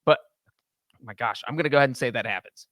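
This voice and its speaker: A man on a sports podcast panel, explaining his pick in a measured, hedging way. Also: mid-range voice, a bit bright, no echo, studio quality. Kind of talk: casual sports chat.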